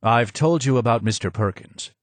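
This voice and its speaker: A man's voice: medium pitch, normal speed, no echo, natural voice. A man reading the part of a courteous male guide, speaking politely and formally.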